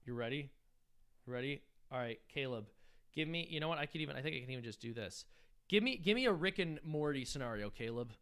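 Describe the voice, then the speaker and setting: A man's voice: mid-range voice, animated, fast, fairly bright tone, smooth. A man hosting a casual livestream, reading chat aloud and rambling with easy laughs. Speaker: animation studio head hosting a livestream.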